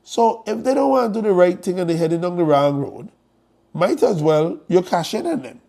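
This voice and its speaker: Male host, warm and higher-pitched, blunt and joking on a live stream. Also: lively intonation, moderate pace, vocal fry. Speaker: host promoting an estate planning conference.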